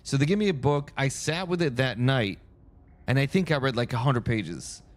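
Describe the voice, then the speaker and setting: A man's voice: mid-range voice, animated, moderate pace. A man from France streaming a game, chatting casually in a rambling storytelling way that keeps breaking off and restarting. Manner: rambling, self-interrupting storyteller. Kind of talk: casual chat while playing.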